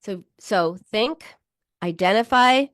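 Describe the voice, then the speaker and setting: A middle-aged woman gives self-help advice in an animated, chatty way, her voice leaping up and down as she acts out harsh inner voices. It sounds dry and close, with no room echo. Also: medium pitch, takes it slowly. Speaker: psychologist and show host. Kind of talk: self-help talk to viewers.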